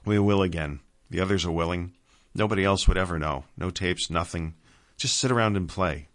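A man's voice: low voice, brisk. A man voicing a tender, earnest old man. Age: older. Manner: gentle, earnest.

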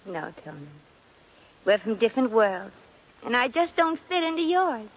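Brassy american shop girl, slangy and wry, a bit high, old radio sound. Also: sing-song, moderate pace, low-quality recording. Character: wisecracking American shop girl posing as a lady. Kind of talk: 1940s radio acting.

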